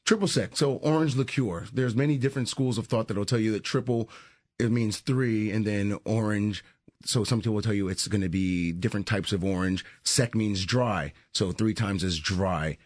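A man with a booming voice, a guest on a radio show explaining a liqueur and its history. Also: moderate pace, dry recording, studio quality. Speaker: spirits brand educator.

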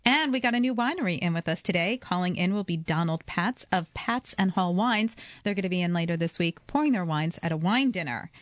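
A woman's voice: fairly low pitch, expressive, no echo. Upbeat woman radio co-host. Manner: upbeat, quick to laugh. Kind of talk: lively radio food talk show.

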